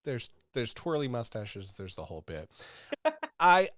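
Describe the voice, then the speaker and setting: A man hosting a podcast in a casual, playful, jokey and energetic way. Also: mid-range voice, measured pace, no room sound, clean studio sound. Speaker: podcast host.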